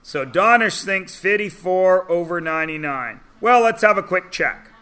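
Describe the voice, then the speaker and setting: A man teaches a math lesson to a classroom of students. His voice sits high and sounds bright and forceful. He teases the students and keeps asking them quick check-in questions. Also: expressive, clear, resonant tone. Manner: teasing, chatty, asks rhetorical questions.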